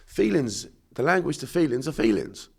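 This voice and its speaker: A man's voice: medium pitch, sing-song, normal speed, vocal fry, breathy edge. A man from South London with a South London accent, a guest on a casual podcast interview, talking in a blunt, sweary, emphatic way. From Bermondsey, London. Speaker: podcast guest, unconscious mind therapist.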